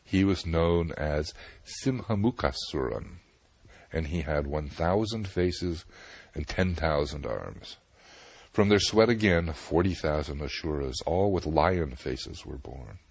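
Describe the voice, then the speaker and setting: A man tells an old myth in a calm, measured storytelling voice. His tone sits low and slightly husky. The recording is dry and close, with no room sound. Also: dry recording. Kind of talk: scripted narration of a myth.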